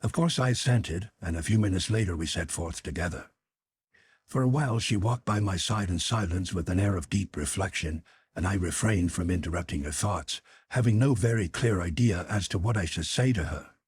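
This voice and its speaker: Very deep, husky male audiobook narrator. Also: moderate pace, no echo. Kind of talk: first-person audiobook narration.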